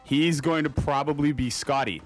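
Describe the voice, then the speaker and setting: A man's voice: a little high, normal speed, soft background music. A man hosting a radio show, bantering and joking in a loose, rambling way. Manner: jokey, rambling.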